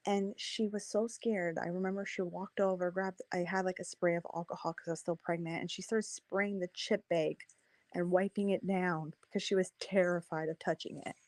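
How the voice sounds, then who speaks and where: A woman telling a personal story in a casual debate, lively and acting out what people said. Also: on the low side, moderate pace, dry recording, low-quality recording. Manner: animated, acts out quoted voices. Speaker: debate participant.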